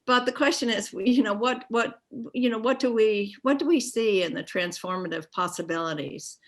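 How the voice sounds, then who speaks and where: A woman's voice: medium pitch, normal speed. A woman moderating an art panel discussion, thinking aloud with many restarts and "you know"s.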